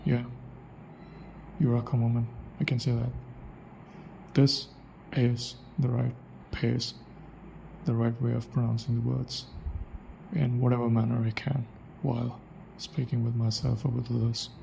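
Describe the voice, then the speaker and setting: A man's voice: mid-range voice, level tone, unhurried, creaky, mellow, slight background noise, low-quality recording. A young man thinking aloud in a casual monologue, repeating phrases as he tries out a way of speaking. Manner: muses aloud, repeats phrases to try them out. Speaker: accent practice vlogger.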